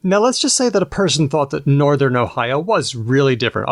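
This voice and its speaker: A man co-hosting a relaxed podcast, walking listeners through a study with plenty of playful asides. His voice sits at a middle pitch. The sound is dry and close, with no room around it. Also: dry recording. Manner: explanatory, teasing, quick to laugh. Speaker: podcast co-host presenting research. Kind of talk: casual podcast chat.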